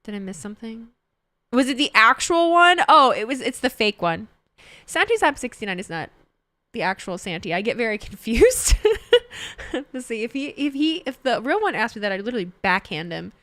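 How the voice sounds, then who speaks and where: A young woman chats live with her audience from a home desk microphone, her voice bright and ringing. Her pitch swoops up and down as she laughs, swears and reacts to what viewers type. The sound is close and dry, with no room echo. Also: moderate pace. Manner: excitable, laughing, swears freely, reads chat aloud. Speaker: livestreamer reacting to wrestling. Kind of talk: casual live-stream chat.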